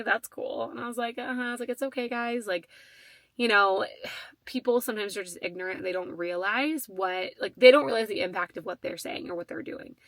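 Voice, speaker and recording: A woman in her thirties hosting a podcast, telling a personal story in a casual, animated way with lots of fillers and quoted back-and-forth. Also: mid-range voice, vocal fry, no echo. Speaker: podcast host.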